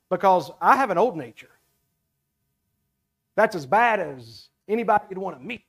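A man's voice: high-pitched, moderate pace, a bit bright. A male pastor with a Southern American accent preaching a sermon, emphatic and repetitive, with folksy asides to his congregation.

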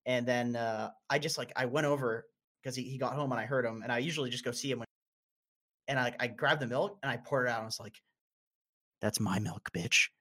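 A man in his twenties from North America, chatting casually as a podcast co-host and telling stories with lots of swearing and sudden high-pitched bursts. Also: fast. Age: 20s. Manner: animated, profane storyteller with sudden high-pitched outbursts. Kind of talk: casual chat.

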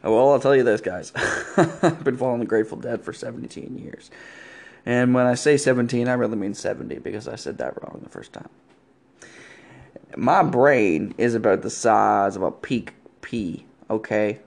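A man voicing a rambling, tipsy middle-aged male caller in an improvised comedy podcast bit, drawling and loud. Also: medium pitch, normal speed, gravelly.

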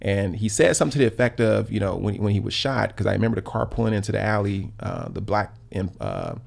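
A man's voice: lowish voice, very animated, fast, creaky, darkish tone. A man in his thirties from South Los Angeles, a podcast guest telling reflective stories in casual talk, full of fillers and restarts. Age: 30s. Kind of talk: casual conversational storytelling.

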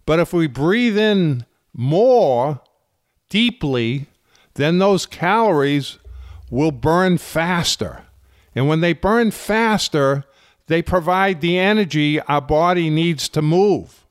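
A man who runs a fitness channel, explaining health topics in slow, deliberate, emphatic phrasing. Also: on the high side, animated, no echo, clean studio sound. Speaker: fitness instructor. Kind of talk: slow explanatory talk to camera.

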